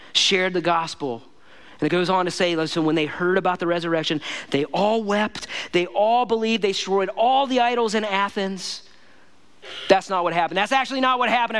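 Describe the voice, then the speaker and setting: A man's voice: high-pitched, a bit bright. A male pastor giving a casual, conversational sermon, emphatic and repetitive, often saying "man" and "listen to me.".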